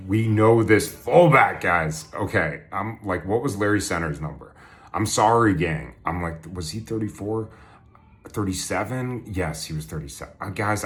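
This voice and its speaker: A deep-voiced man rambles into his phone camera from a bathtub. He drifts from thought to thought with a jokey, offhand tone, full of "um"s and half-finished restarts. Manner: meandering, jokey, many "um"s and restarts. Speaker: vlogger. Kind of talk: rambling stream-of-consciousness monologue.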